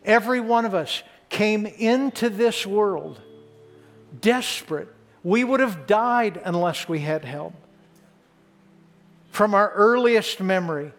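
Older male pastor, high-pitched, slow and deliberate; earnest sermon delivery with fervent build-ups. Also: lively intonation, faint music behind. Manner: earnest, builds to fervent emphasis, slows for key points.

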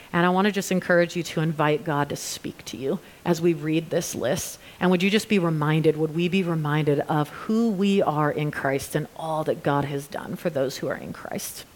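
A woman preacher giving an earnest altar call and prayer to a church gathering. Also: low voice. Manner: earnest, slow deliberate reading at times. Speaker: women's ministry preacher. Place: church with online viewers.

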